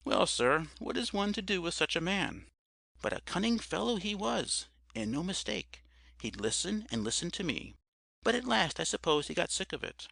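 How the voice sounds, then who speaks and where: A man's voice: a little high, vocal fry, sharp tone, dry recording. A man reading a story as an audiobook narrator, telling it expressively and often addressing the listener as sir.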